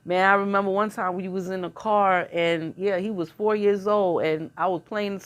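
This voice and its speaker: A woman's voice: medium pitch, fairly even intonation, moderate pace. A middle-aged woman telling stories in a blunt, slangy casual monologue, often laughing. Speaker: channel host.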